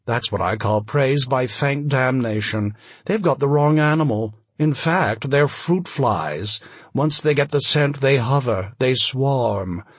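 A man's voice: medium pitch, lively intonation, takes it slowly, husky, no echo. A man putting on an arch mid-Atlantic novelist. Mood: arch, sardonic. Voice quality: arch, drawling, theatrical. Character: pompous older male novelist, affected and sardonic.

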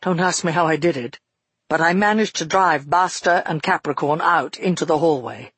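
A man voicing a father who tells his daughter a frightening past event in a measured, earnest first-person telling. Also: on the high side, fairly bright tone, slightly rough, no echo. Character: grown father recounting a frightening past, shaken. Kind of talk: audiobook narration.

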